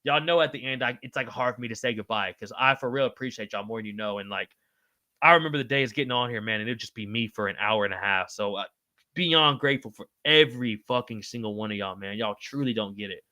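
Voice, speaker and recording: A man hosting a casual livestream, reading out comments and shouting out viewers in slangy, hyped-up talk. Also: medium pitch, fast, no echo. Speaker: livestream host.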